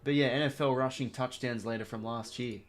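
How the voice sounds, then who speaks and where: A young Australian man hosting a casual live watch-along stream, rambling and chatty, dropping swear words as he goes. His voice sits at an ordinary pitch for a man, with relaxed, offhand delivery. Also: brisk.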